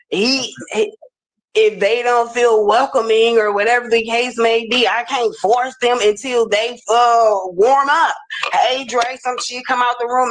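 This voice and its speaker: A woman's voice: a little high, poor audio. A woman being interviewed, speaking emphatically and often repeating herself. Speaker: interview guest. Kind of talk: interview conversation.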